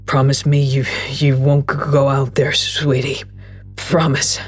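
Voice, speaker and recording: A woman's voice: very deep voice, fairly even intonation, a little slow, a little mellow, breathy edge, faint music behind, pitched below the performer's own voice, heavily acted. A woman doing a stammering, shivering injured dad. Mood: tender, weak. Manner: stammering through chattering teeth. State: shivering, weak.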